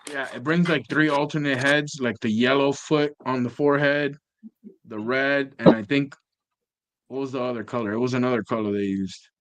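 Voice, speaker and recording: A man's voice: mid-range voice, steady tone, moderate pace, fairly bright tone, dry recording. A man co-hosting a casual toy-collecting chat, talking in a laid-back, rambling way and trailing off mid-sentence.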